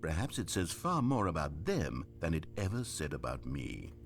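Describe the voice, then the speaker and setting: Pompous game narrator. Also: male voice, rumbling low, very animated, normal speed, gravelly, slight background noise, exaggerated voice. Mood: indignant. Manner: pompous, self-righteous. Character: haughty, wounded male game narrator.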